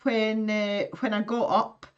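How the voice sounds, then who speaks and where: A Scottish woman chatting easily on her art live stream as she draws. She laughs a lot and greets viewers as they arrive, and her voice sits at an ordinary middle pitch. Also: little pitch movement, slow pace, clear, resonant tone, highs cut off. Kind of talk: casual chat while drawing on a live stream.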